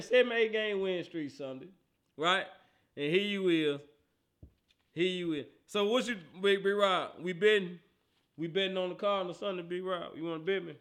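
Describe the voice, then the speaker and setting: High bright-voiced man ranting about football. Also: brisk. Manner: animated, teasing, repeats himself, laughs often. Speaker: sports talk host. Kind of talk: casual sports talk rant.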